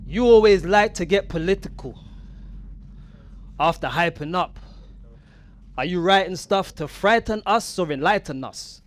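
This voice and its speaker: A man's voice: sits high, animated, measured pace, long pauses. A man from the United Kingdom, performing a battle rap in a pointed, confrontational way. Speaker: battle rapper.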